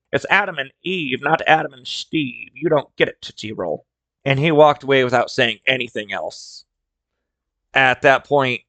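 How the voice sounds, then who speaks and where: A man's voice: medium pitch, a bit bright, no room sound. A man hosting a solo podcast, telling workplace stories in a candid, blunt way with casual swearing. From rural area. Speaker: podcast host.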